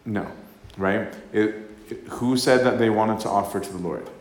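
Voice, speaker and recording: Speaking at normal speed in a fairly low voice, a priest leads a relaxed sermon in an echoey room. After reading scripture he discusses it casually, acting out different voices and often tacking "right?" onto his lines.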